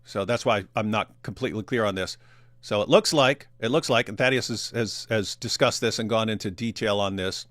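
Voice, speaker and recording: A man's voice: fairly low pitch, a little fast, fairly bright tone, dry recording. Casting: laid-back male streamer, dry close sound, talks loosely through clips. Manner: laughs often, loose and chatty. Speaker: reaction streamer. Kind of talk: casual commentary on clips.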